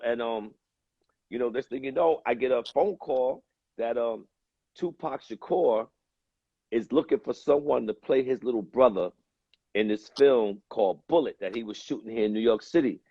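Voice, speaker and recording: Husky-voiced man telling stories. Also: mid-range voice, darkish tone, no room sound, highs cut off. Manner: slow, reflective storyteller who acts out quoted voices and swears. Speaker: actor, guest. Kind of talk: casual chat.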